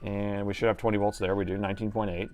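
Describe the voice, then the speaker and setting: The audio is narrow and tinny as a middle-aged man, his lowish voice level and fast, works on laptops during a live stream from his workshop. He jokes and rambles, thinks aloud, and drops into an announcer voice on occasion.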